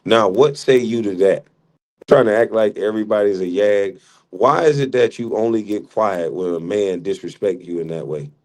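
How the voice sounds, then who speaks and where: A man's voice: fairly low pitch, moderate pace, a little mellow. A middle-aged man hosting a livestream, arguing heatedly with a rival and mocking him with frequent laughs. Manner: mocking, combative, laughs often. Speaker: livestream host.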